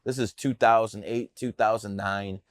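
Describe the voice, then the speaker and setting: A man's voice: on the low side, fairly even intonation, normal speed, no echo, clean studio sound. A man telling stories in a casual interview, brash, boastful and profane. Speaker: podcast guest telling his story.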